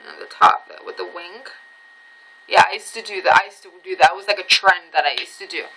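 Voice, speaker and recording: A woman's voice: lowish voice, fairly quick, a crowd in the background, rough recording. A young woman telling a rambling personal story in a casual vlog, swearing freely and breaking off into asides. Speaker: vlogger.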